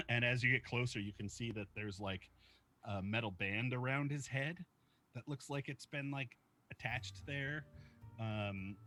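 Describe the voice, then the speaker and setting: A man's voice: lowish voice, pushed and bright. A man narrating as game master, describing scenes in a loose, searching way.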